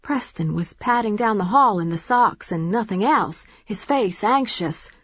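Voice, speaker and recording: A woman reads a first-person audiobook with a steady, wry storytelling manner. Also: medium pitch, a little slow, slightly rough, no echo, highs cut off. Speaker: audiobook narrator.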